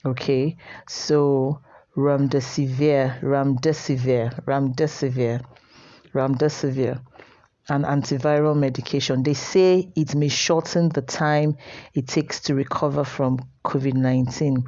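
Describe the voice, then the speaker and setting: A woman teacher gives an online class from home, speaking slowly and repeating key words for her students. Her voice is mellow and dark. The recording sounds dull and lo-fi. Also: very deep voice, fairly even intonation. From Nigeria.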